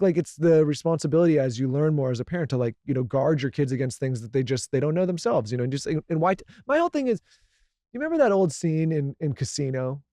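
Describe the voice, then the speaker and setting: A man's voice: mid-range voice, warm tone, dry recording. A man co-hosting a podcast, talking casually in a rambling way with lots of fillers. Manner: rambling, fast, many fillers. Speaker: podcast co-host.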